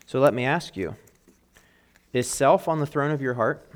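A man preaching a sermon in an earnest way, rising in emphasis and dropping to quiet asides, and reading scripture aloud with weight. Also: medium pitch, normal speed, long pauses. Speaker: pastor.

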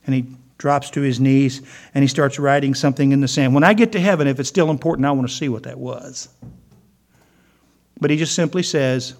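A pastor with a medium-pitched, darkish voice preaches briskly, telling stories and acting out the voices of the people in them.

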